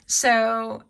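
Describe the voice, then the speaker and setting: Chatty woman with a gravelly voice. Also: fairly high pitch, fairly bright tone. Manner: rambling, chatty, self-correcting. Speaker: tarot reader. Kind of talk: casual tarot reading.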